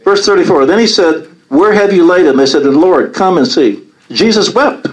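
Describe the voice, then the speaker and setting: A man's voice: high voice, lively intonation, normal speed, low-quality recording. A man leading a Bible study, reading scripture aloud and commenting on it earnestly.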